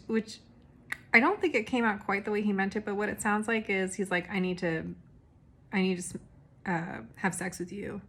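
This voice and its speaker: A woman's voice: mid-range voice, fairly bright tone. A young woman recapping a reality dating show in a rambling, casual monologue full of fillers and restarts. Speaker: recap podcast host.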